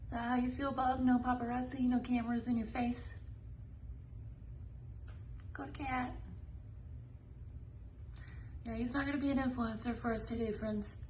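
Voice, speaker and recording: A woman talks softly to her cat in quiet baby talk, away from the mic. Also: fairly high pitch, flat delivery, moderate pace, long pauses, a little hiss or hum, low-quality recording. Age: 40s. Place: home with a cat.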